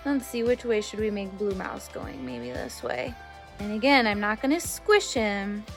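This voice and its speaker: A woman teaching an art lesson to children, gentle and encouraging, asking the class questions and dropping to a whisper while she paints. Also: mid-range voice, normal speed, over music.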